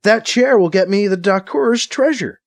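A man's voice: high voice, normal speed, voice pushed up. A man reading an audiobook, voicing a persistent young man who coaxes and jokes. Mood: eager. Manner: pushy, coaxing. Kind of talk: audiobook character voice.

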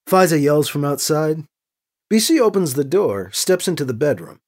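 Audiobook narrator, husky, very animated pitch, dry storytelling read. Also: normal speed. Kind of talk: scripted narration.

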